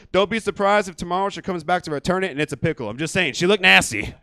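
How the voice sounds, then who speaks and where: A man working the room as a stand-up comedy host, loose and rambling, swearing freely. His voice sits high, and the sound is dry and close on a stage mic in a small theater. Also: expressive, quick pace, bright, forceful tone, no room sound. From California.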